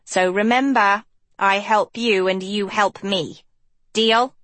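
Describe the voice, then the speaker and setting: A woman narrator puts on a nasal schoolboy sidekick, clingy and pushy. He talks up with a wheedling edge in a dry, close audiobook recording. The voice sits slightly higher than her own. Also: fairly even intonation, slow, a bit bright, dry recording. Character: eager nasal boy student, needy sidekick. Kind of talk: audiobook character voice.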